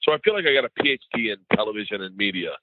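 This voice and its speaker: A middle-aged man rambles through animated stories, speaking in a low voice as a comedian guest from home. The sound is thin and phone-like, with a close, dry feel. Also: rapid-fire, no room sound. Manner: rambling, animated storyteller who mimics others in conversation. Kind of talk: casual interview storytelling. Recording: tinny phone-like line.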